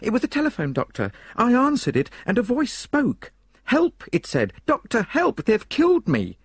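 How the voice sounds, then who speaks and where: A man voicing a flustered woman housekeeper in a high falsetto, frantic and gushing. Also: huge pitch swings, normal speed, husky, no echo, studio quality, exaggerated voice.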